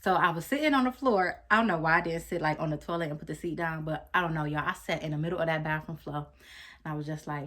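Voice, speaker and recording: A woman vlogger telling a personal story to her viewers in an animated, chatty way, acting out what people said. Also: lowish voice, brisk. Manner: animated, talks straight to viewers, acts out quotes. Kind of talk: storytime vlog.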